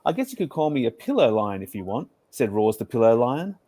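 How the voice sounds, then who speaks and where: A man's voice: medium pitch, big pitch swings, a little fast, mellow, breathy edge. A man voicing a cheeky, joking male pillow lion in a storybook reading. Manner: playful, joking.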